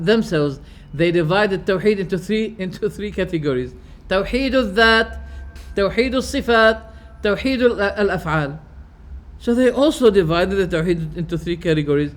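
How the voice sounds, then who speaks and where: A man lecturing a class on religious belief. His voice sits a little high for a man, and he speaks emphatically. He poses rhetorical questions, stumbles into restarts and restates each term. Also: animated, moderate pace. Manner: explains terms by restating them. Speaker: religious teacher.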